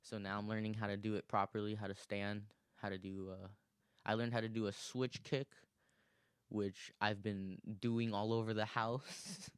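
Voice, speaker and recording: A young man in his twenties with a lowish voice talks alone into the mic in a loose, rambling way, swearing freely and laughing at himself. The recording is close and dry, with almost no room sound. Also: little pitch movement, moderate pace, clear, resonant tone, no room sound. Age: 20s. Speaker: podcast host. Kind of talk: casual solo monologue.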